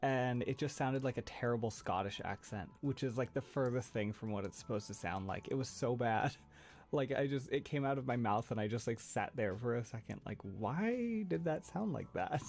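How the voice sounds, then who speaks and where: A man's voice: mid-range voice, fairly quick, a little mellow. A man chatting casually on his livestream, rambling and laughing often, with lots of fillers and restarts, close to the mic. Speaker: streamer. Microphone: close mic setup.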